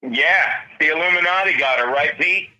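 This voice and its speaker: A man's voice: fairly high pitch, moderate pace, pushed and bright. A man calling in to a podcast, teasing the other guest in casual chat. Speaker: caller. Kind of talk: casual chat over the phone. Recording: muffled phone line.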